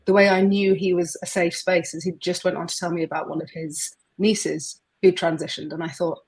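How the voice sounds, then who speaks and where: A woman's voice: on the low side, level tone, brisk, hardly any pauses, slightly rough, rough recording. A woman on a live panel, speaking reflectively and telling small personal stories. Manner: reflective, storytelling. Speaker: panel guest.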